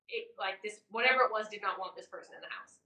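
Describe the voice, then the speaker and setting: Bright-voiced woman telling a ghost story. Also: medium pitch, fast. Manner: animated storyteller, swings between loud and hushed. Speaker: podcast co-host. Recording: roomy, distant mic.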